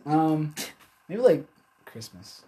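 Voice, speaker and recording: A man's voice: on the high side, takes it slowly. A man chatting casually as a co-host, rambling and swearing freely as he tells stories. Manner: animated, profane, rambling storyteller. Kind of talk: casual chat.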